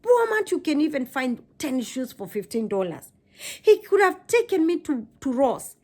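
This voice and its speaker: Animated woman from Kenya telling a story. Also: sits high, moderate pace. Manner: animated, emphatic, repeats phrases for effect. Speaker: vlogger. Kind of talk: casual storytelling to camera.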